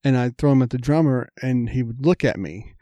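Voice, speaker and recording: Mellow-voiced man telling stories. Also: medium pitch, fairly quick, dry recording. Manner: rambling anecdotes, acts out quoted voices. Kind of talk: casual chat, storytelling.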